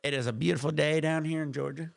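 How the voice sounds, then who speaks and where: A man's voice: fairly high pitch, fairly even intonation, fast, vocal fry, no echo, studio quality. A man voicing a cheerful, pie-loving Southern man with an exaggerated, put-on Southern drawl. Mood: folksy. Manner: folksy, over-the-top drawl.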